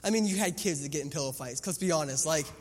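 A man's voice: fairly high pitch, fast. A man in his thirties preaching a sermon, telling stories animatedly and acting out the voices of the people in them. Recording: long hall reverb with faint music.

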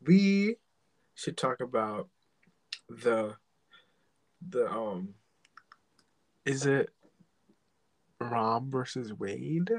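A man's voice: medium pitch, lively intonation, extremely slow, pauses often, low-quality recording. A man co-hosting a podcast in casual chat, hesitant and full of restarts. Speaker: podcast co-host.

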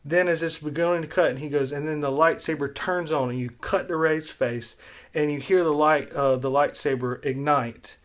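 A man with a slightly high voice and a lilt talks casually and at length about how he would rewrite a movie. He rambles and restarts, swings between calm explanation and animated complaint, and sounds sure of his opinions. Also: normal speed. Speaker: film commentator.

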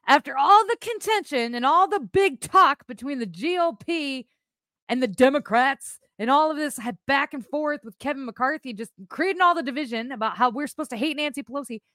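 A woman hosting a live podcast stream, chatting casually in a blunt, animated way, with rambling asides and swearing. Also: high voice, dry recording, studio quality. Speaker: podcast host.

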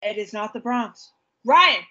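A high, bright woman's voice that swoops and bounces as she runs a quiz among friends. Her tone is a touch husky and lively, and she laughs and teases often. The audio is dull and lo-fi. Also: measured pace. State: tipsy. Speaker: quiz host. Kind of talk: casual chat.

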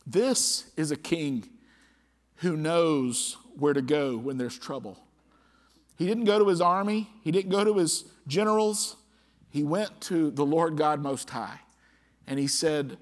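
Impassioned pastor preaching in a reverberant church. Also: male voice, fairly high pitch, unhurried. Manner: impassioned, reads scripture with rising emphasis. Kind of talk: sermon. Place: church sanctuary. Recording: church hall with long reverb.

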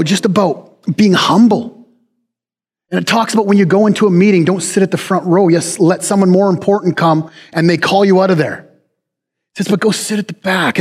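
Male pastor, high-pitched, folksy and self-deprecating, preaching to a congregation in a reverberant hall. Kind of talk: sermon.

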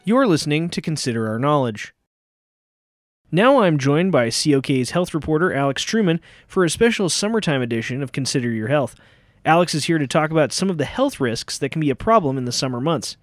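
A man hosting a comedy news radio parody with a measured, newsreader-like delivery. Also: fairly high pitch, big pitch swings, dry recording, clean studio sound. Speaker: radio show host.

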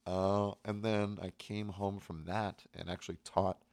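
A man's voice: low-pitched, measured pace, no echo, studio quality. A young man hosting a movie podcast in casual, rambling chat full of fillers. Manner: relaxed, rambling, many fillers. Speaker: podcast host.

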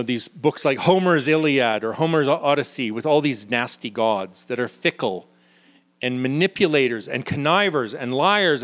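A man giving a live Bible teaching to a group in a room, lively and acting out the people he quotes. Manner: lively, acts out quoted figures with sudden pitch jumps.

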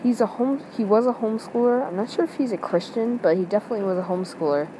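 A man's voice: high voice, fast talker, poor audio. A man leaving a hesitant, rambling call-in message for a podcast on his phone. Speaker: caller. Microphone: phone via a call-in app. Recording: phone message with loud background noise.

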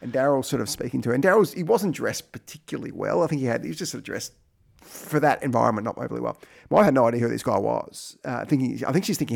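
A man's voice: medium pitch, creaky, darkish tone. A man, co-hosting a podcast and telling a rambling anecdote. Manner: rambling storyteller, quick and self-correcting. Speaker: podcast co-host. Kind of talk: casual chat, anecdote.

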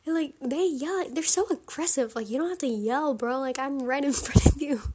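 A young woman talks through a solo podcast in a relaxed, chatty way. Her voice sits high, and she speaks frankly and with strong opinions, full of "like" and little laughs. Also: moderate pace, very noisy. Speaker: podcast host. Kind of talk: casual solo podcast chat.

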